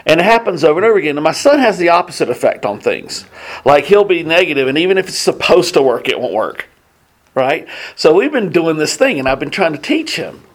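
Earnest, fairly high-voiced man teaching. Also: a little fast. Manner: earnest storytelling, excited, many restarts. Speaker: Bible class teacher. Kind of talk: casual teaching talk with personal stories.

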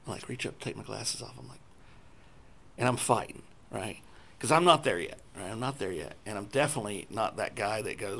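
A man telling a self-deprecating personal testimony to a church group, acting out his own thoughts in lively voices. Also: fairly low pitch, a little fast, creaky. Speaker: speaker sharing a personal testimony.

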